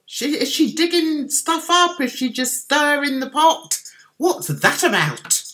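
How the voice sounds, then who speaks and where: Speaking slowly in a high, sing-song, slightly bright voice, a middle-aged Londoner with a Cockney accent chats casually on her livestream. She reads the chat and responds to what viewers write.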